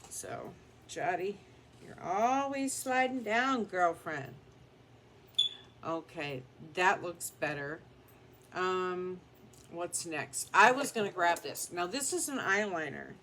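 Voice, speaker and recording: A woman beauty vlogger talks her way through her makeup at home in a loose, down-to-earth ramble. Her voice sits a little low and she takes her time over every phrase. A faint hum of room noise stays underneath. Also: lively intonation, takes it slowly, pushed and bright. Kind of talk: casual chat while doing makeup.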